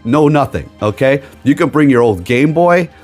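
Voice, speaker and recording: A man's voice: mid-range voice, animated, moderate pace, a little mellow, soft background music. Rambling, emphatic man ranting on video. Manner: rambling, emphatic, keeps tagging "okay?"; sarcastic asides. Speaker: gaming YouTuber. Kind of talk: casual video rant.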